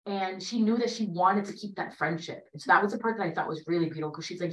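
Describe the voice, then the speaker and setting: Woman, late thirties, lowish voice, conversational storyteller, keeps saying "right?", roomy echo, distant mic. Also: fast talker, a bit bright. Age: late 30s. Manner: conversational, tags sentences with "right?". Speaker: panelist in a dialogue gathering. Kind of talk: personal storytelling in a panel conversation.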